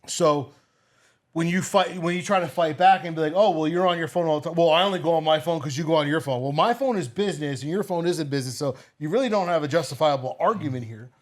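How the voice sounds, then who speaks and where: A man in his forties talks in a casual podcast chat. His voice sits a bit high for a man. He is blunt and swears freely as he tells animated stories. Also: fast talker. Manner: blunt, profane, animated storytelling.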